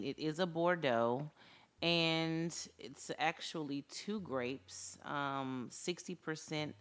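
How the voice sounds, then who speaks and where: Slow, low, lively-voiced woman. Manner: chuckling, stumbles over reading aloud. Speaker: podcast co-host. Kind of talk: casual chat.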